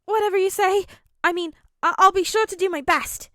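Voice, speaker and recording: A woman's voice: very high voice, steady tone, brisk, a bit bright, no room sound, studio quality, voice pushed up. A woman voicing a nervous, flustered teenage boy hero who stammers and corrects himself.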